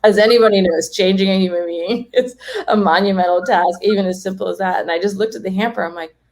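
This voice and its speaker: A woman's voice: mid-range voice, fairly even intonation, fast talker. A woman guest chatting in an interview, talking freely, laughing often and acting out what people said. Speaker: home organizing guest. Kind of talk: casual interview chat.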